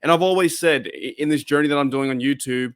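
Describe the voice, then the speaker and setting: A man's voice: on the high side, quick pace, clean tone, no room sound, studio quality. An Australian man hosting his channel, chatting casually about football with lots of fillers and rambling asides. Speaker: channel host. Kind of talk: casual fan commentary.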